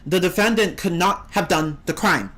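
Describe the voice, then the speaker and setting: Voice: normal speed, a bit bright. A game streamer in casual live-stream chat, rambling and opinionated, answering the chat. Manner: rambling and opinionated, with swings in pitch.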